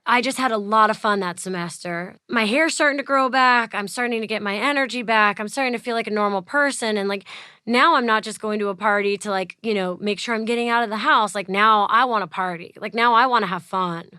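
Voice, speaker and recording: A woman's voice: mid-range voice, brisk, pushed and bright, clean tone, no room sound, studio quality. A woman in her thirties telling a personal story in an interview, chatty, full of "like", acting out the people she quotes. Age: 30s. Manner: chatty, fills with "like", acts out quoted voices. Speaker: interview guest.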